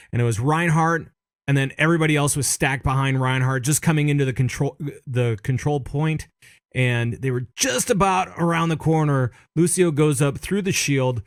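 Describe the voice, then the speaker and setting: A man co-hosting a casual gaming podcast, eagerly retelling game moments in quick bursts. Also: medium pitch, dry recording, clean studio sound. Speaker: podcast co-host.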